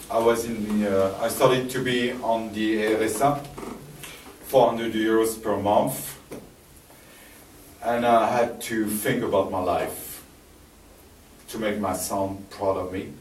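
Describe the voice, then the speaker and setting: A man with a French accent giving a live talk to an audience in a library room, telling stories with halting restarts and fillers. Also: on the low side, a little hiss or hum. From France. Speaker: speaker giving a presentation. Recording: roomy distant live recording.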